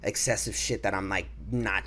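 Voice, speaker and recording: There's background noise behind this low-voiced man in his twenties, who talks at a normal speed. He's a vlogger doing a laid-back storytime, cursing freely, animated, stumbling through fillers and restarts, and acting out quotes.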